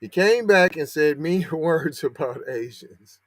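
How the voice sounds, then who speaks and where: Male podcast host, slangy sarcastic commentary, slow delivery, dead-dry mic. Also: on the high side, expressive, no echo. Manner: sarcastic, rising to heated outrage; slangy, talks back to the article he reads. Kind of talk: commentary on a news story.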